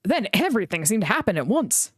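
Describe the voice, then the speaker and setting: A woman reading a children's storybook aloud in an expressive way. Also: medium pitch, fast talker, no echo, studio quality. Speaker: reader.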